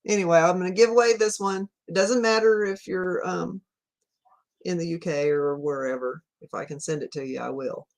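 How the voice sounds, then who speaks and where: At night in a room at home, a Southern US woman hosts a casual livestream, chatting loosely, laughing a lot, and reading viewers' comments out loud. Her voice is fairly low and darkish, at a normal speed.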